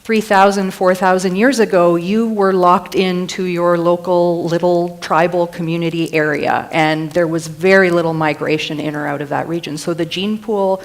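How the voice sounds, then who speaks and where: A woman with a fairly low voice speaks easily on a discussion panel. She is relaxed and conversational and drops in casual asides. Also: moderate pace, hardly any pauses. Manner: relaxed, chatty, with "you know" asides. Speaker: genetics panelist.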